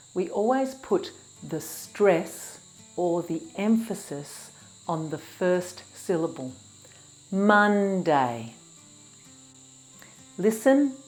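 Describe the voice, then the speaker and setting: A woman English teacher giving a beginners' pronunciation lesson, saying each sound slowly and clearly and breaking words into parts. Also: fairly low pitch, mellow. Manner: clear, careful enunciation, sounds broken into parts.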